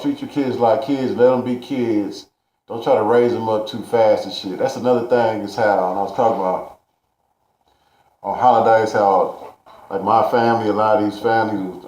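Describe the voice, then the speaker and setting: A man's voice: lowish voice, darkish tone. A man telling a rambling, profane story in street slang, ranting to camera. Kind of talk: casual storytelling rant. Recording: echoey room.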